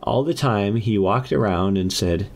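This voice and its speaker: A man's voice: on the low side, expressive, a little slow, a little mellow, slight background noise. A man hosting a podcast and improvising a comic story in a rambling, playful way.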